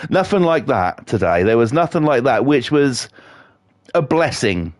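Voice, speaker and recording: A man's voice: fairly high pitch, animated, moderate pace, dry recording, clean studio sound. A middle-aged British man ranting sarcastically, telling swear-filled everyday stories while streaming a game. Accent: British English. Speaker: livestreamer. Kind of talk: casual ranting chat.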